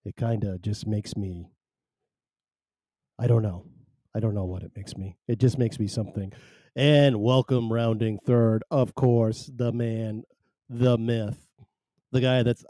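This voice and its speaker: A man hosts a loose live talk show in an unhurried, mellow voice. He rambles and jokes at his own expense, close on a dry mic with no room sound. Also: lowish voice, no echo. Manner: rambling, jokey, self-mocking. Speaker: host.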